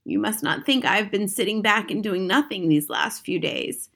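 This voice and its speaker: A woman reading aloud, voicing a calm, wise older grandmother who speaks slowly, softly and with measure. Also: mid-range voice, creaky. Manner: slow, soft and measured.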